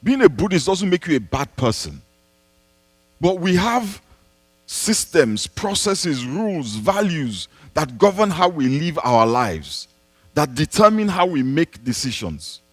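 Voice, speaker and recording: A man's voice: on the high side, big pitch swings, measured pace, breathy edge, no room sound. A man, a pastor answering a congregation's questions in an emphatic preaching style, repeating key phrases and posing rhetorical questions. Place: church.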